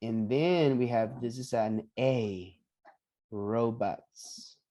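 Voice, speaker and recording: A man teaching English pronunciation on a video call, patiently repeating each word slowly for his students. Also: medium pitch, warm tone. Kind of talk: online pronunciation lesson.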